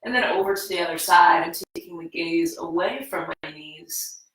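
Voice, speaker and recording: A woman teaching a slow yoga class, guiding breath and movement in a calm, soothing way. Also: lowish voice. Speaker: yoga instructor. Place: home room. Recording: echoey room, voice from a distance.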